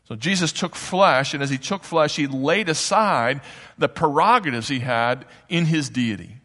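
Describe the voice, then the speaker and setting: Preacher in a long reverberant hall. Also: male voice, a little high, moderate pace, fairly bright tone. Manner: conversational and explanatory, with asides. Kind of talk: sermon.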